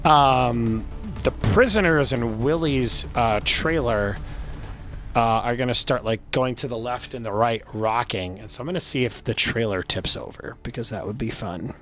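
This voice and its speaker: A man's voice: medium pitch, normal speed, fairly bright tone. A man running a tabletop game as game master, loose and chatty with lots of fillers. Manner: loose and chatty, many fillers, laughs often.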